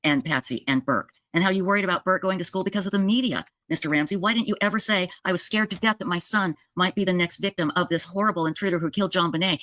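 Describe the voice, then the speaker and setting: Middle-aged woman, storytelling monologue, animated quoted dialogue, dry close sound. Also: lowish voice, fast talker, few pauses, dry recording. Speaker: true crime podcaster.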